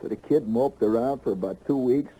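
A man's voice: mid-range voice, fairly quick, mellow, slightly rough, rough recording. A man telling a long comic story on stage, rambling with lots of "you know" and restarts.

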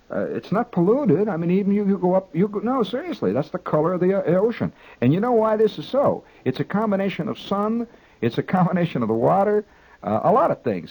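A man telling a rambling, exaggerated comic anecdote, halting with restarts and repeats. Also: lowish voice, slightly rough, poor audio. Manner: animated, exaggerating storyteller.

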